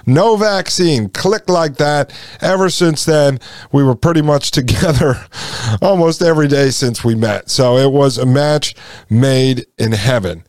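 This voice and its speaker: In a casual storytelling monologue, a forty-something podcast host wanders through a personal tale, calling his audience folks. He speaks a little slowly in a smooth, clear, middle-pitched voice with a darkish tone. There's no room echo in the dry recording.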